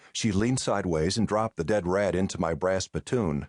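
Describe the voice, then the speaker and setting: A man narrating a mystery audiobook in the first person, with a wry, deadpan way of telling the story, on a close studio mic. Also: deep voice, normal speed, no echo.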